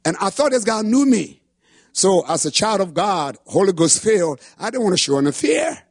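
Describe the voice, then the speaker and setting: Husky impassioned male preacher. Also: sits high, expressive, normal speed, dry recording, clean studio sound. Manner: impassioned preaching, rising to shouts. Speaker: pastor. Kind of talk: sermon testimony.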